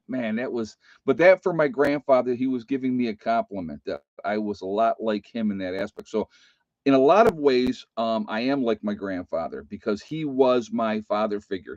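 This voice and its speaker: A man's voice: medium pitch, a little mellow, dry recording, lo-fi sound. A middle-aged man telling a personal story to his viewers in a loose, rambling way, often restarting his sentences. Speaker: vlogger. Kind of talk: casual storytelling to camera.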